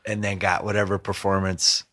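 A man hosting a podcast interview, chatty and casual, telling quick anecdotes. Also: sits low, little pitch movement, sharp tone, no echo, studio quality. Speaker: podcast host.

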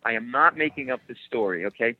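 A man, a comedian guest, telling comic stories in an animated way and acting out the people in them. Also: mid-range voice, quick pace, phone-quality sound. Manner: animated storyteller, acts out quotes, laughs often. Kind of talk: comic storytelling.

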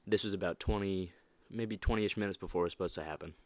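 Young man, very low voice, dry close sound, rambling motivational talk. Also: quick pace, no echo. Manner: emphatic, rambling with many restarts and fillers. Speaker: podcast host. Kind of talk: casual motivational monologue.

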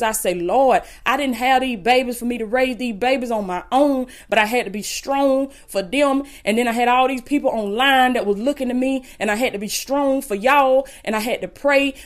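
A woman with a Southern Alabama accent preaching fervently on her podcast from home, repeating lines and calling listeners "baby". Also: high voice. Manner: impassioned, repetitive, calls listeners "baby".

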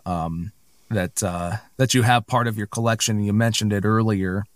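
A man's voice: on the low side, steady tone, moderate pace, no room sound, studio quality. A man hosting a podcast, chatting casually and backing up his guests. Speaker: podcast host. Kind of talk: casual interview chat.

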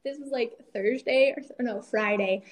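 A woman's voice: fairly high pitch, fairly quick. A young woman, a military spouse, telling a story in casual chat, acting out quoted lines and laughing often.

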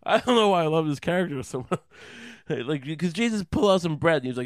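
A man's voice: fairly high pitch, animated, fast talker, dry recording. Profane rambling comedic man. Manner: profane, rambling, laughing at his own jokes. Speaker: podcast host. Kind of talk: casual comedic rant.

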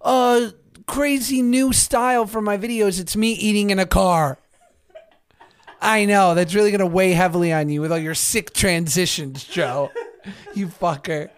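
Joking high-voiced man with a slight lisp. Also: steady tone, a little slow, clean tone. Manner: joking, teasing, laughs often. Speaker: podcast co-host. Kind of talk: casual podcast banter.

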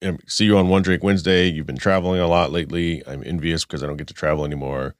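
A man's voice: low voice, steady tone, quick pace, no room sound, studio quality. A man hosting a casual car podcast, stuffed up with a cold, reading car news and riffing with restarts. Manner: rambling, self-correcting, reading stats then riffing. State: stuffed up, congested. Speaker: podcast host.

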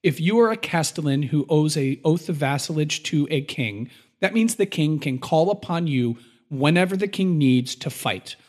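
A man's voice: a little high, moderate pace, darkish tone. Chatty male podcast co-host explaining history. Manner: explanatory, acts out voices in quotes. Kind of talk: casual history podcast chat.

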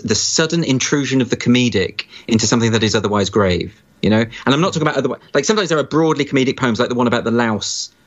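Halting man, dull recording. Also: medium pitch. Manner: halting, many restarts and fillers. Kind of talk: casual chat.

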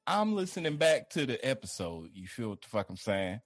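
A man's voice: mid-range voice, very animated, a little fast. A man co-hosting a podcast, teasing and profane in casual banter. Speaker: podcast co-host.

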